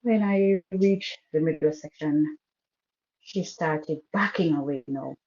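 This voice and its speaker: Soft-spoken woman on a muffled phone line. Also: low-pitched. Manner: soft-spoken, halting with restarts. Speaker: caller. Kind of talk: emotional personal story on a call-in show. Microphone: phone call.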